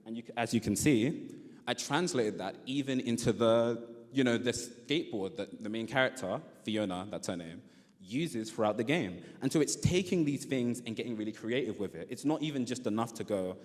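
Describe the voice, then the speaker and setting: Young guy giving a lively talk, mid pitch, echoey hall. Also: normal speed. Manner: animated, laughs often, acts out quotes. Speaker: conference speaker. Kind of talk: conference talk. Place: conference hall. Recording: long hall reverb.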